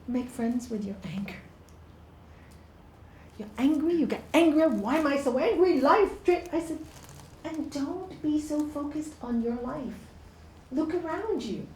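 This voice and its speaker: Woman speaker, high mellow voice, unhurried, roomy studio sound. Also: slight background noise. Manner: soft, unhurried, hushed in the meditation parts. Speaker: spiritual speaker. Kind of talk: informal inspirational talk. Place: yoga studio.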